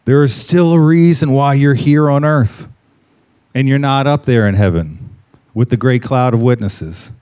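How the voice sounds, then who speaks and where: Guy preaching a sermon, mellow dark voice, drags out the big words. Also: mid-range voice, clean tone. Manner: slows and stresses key words, reading scripture aloud. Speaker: pastor.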